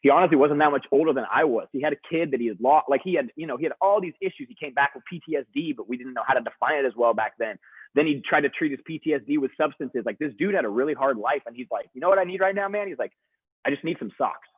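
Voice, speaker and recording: Brief: young male motivational speaker, quick and chatty, fillers galore, husky over a dry tinny call line. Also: mid-range voice, no room sound. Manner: energetic, chatty, lots of "like". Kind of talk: storytelling talk to students. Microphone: video call. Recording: dry, husky, phone-like video call audio.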